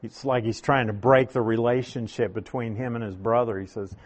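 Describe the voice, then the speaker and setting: A man preaching a sermon, teaching through a Bible passage verse by verse in a deliberate, emphatic way. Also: mid-range voice, fairly even intonation.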